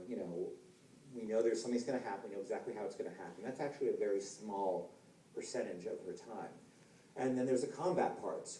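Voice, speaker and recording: A man speaking at a conference in a relaxed, conversational way, with lots of fillers and restarts. His voice is warm and mellow, and it carries through a reverberant hall. He sounds a fair way from the mic, with faint background noise. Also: mid-range voice. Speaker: game designer giving a conference talk. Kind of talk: conference talk. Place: large lecture hall. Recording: echoey hall, heard from a distance.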